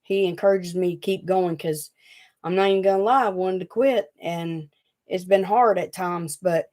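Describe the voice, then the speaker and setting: A woman with a Southern US drawl chats loosely to her viewers on a home livestream. Her voice sits a little low, and she rambles from thought to thought with a fidgety, talkative ease. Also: steady tone, normal speed, darkish tone. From Tennessee. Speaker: DIY craft channel host. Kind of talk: casual livestream chat. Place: small hot room at home.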